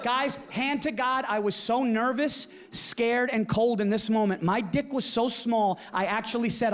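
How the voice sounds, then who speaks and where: Male stand-up in his forties, high voice, loud bits, big live audience roaring. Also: measured pace, few pauses, noisy background. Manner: animated storytelling, shouting punchlines, acting out characters. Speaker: stand-up comedian. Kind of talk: stand-up comedy set. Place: theater stage before a live audience. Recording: live show with loud crowd laughter.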